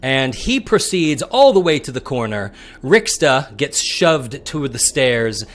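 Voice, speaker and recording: A man running a tabletop game as dungeon master, narrating scenes slowly and descriptively, with some restarts. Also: mid-range voice, big pitch swings.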